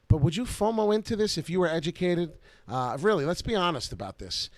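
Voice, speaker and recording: A man hosting a casual live stream about crypto charts, talking in an excitable, rambling way. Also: high voice, brisk, no echo.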